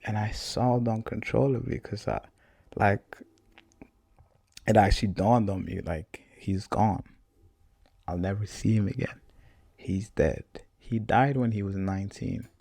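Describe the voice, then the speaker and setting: A man's voice: on the low side, measured pace, gravelly, pauses often, dry recording. A young man in his twenties, a podcast host, telling a personal story in a casual, repetitive way. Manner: casual, repetitive, animated retelling.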